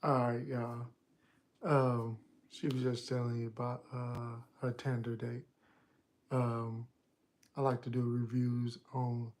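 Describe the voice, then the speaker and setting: A man hosting a casual video and talking to viewers in a halting way, with many "uh" and "um" pauses. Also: mid-range voice, darkish tone. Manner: halting, lots of "uh" and "um". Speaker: host and dating reviewer.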